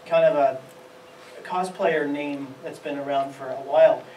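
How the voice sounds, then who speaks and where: Deep-voiced woman asking panel questions, echoey room, far from the mic. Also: steady tone, unhurried, highs cut off, slight background noise.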